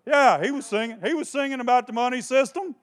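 A man preaching a sermon with passion, repeating phrases for emphasis and swinging between hushed tones and shouting. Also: very high-pitched, quick pace.

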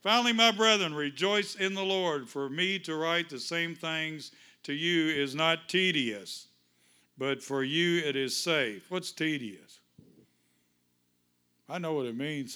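Guy pastor preaching in church, bright voice, gets the crowd answering back. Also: on the high side, clean tone. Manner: fervent, call-and-response preaching. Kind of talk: sermon with prayer and scripture reading.

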